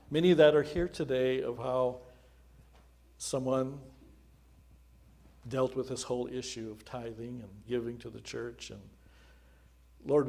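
A man leading a church service as pastor, praying aloud in an earnest, conversational way that swells and softens in loudness. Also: medium pitch. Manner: earnest, prayerful, varying loudness. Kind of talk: spoken prayer in a church service.

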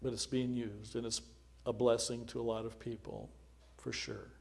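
Casting note: male pastor, mid-pitched, earnest and prayerful, talking plainly to a congregation. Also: flat delivery, normal speed, vocal fry. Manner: earnest, prayerful, varying loudness. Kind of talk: spoken prayer in a church service.

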